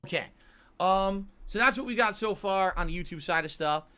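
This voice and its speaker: A man's voice: high-pitched, moderate pace, over music. A man talking casually on a gaming stream, complaining and getting defensive.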